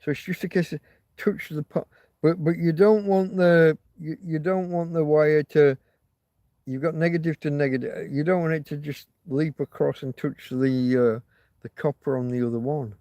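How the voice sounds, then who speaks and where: A man's voice: fairly high pitch, steady tone, moderate pace, warm tone, dry recording, studio quality. A man hosting a casual livestream, rambling, swearing freely and reading out viewer comments. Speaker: livestream host.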